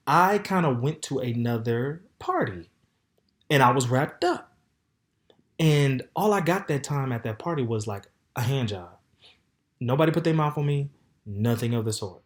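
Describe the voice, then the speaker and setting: Flamboyant, sassy man telling a story. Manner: flamboyant, sassy, animated, calls listeners "baby" and "honey"; swings from loud outbursts to low mutters. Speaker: podcast host. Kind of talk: casual storytelling monologue.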